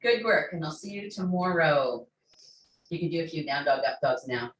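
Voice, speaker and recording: A woman leads a workout class, calmly cueing each stretch and breath with an encouraging, playful touch. Her voice sits a little low and is picked up from across an echoey studio, with faint room ambience behind her. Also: normal speed, background noise. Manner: encouraging, breath-led instruction with playful asides. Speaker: fitness instructor. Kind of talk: guided workout cues. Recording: echoey room, mic far off.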